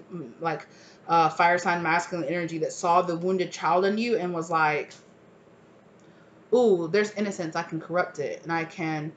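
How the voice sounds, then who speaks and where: A woman's voice: lowish voice, slight background noise. A woman giving a casual, emphatic tarot reading to camera, chatty and slangy, often breaking into laughs. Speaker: tarot reader.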